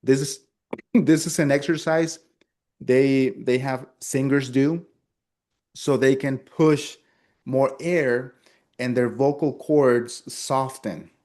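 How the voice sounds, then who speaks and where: A man's voice: medium pitch, fairly even intonation, slow, a little mellow. A man whose first language is Spanish, teaching sales technique and acting out friendly phone small talk with frequent restarts. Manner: acts out upbeat customer small talk, restarts often. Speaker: sales trainer. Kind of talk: instructional talk with role-played sales lines.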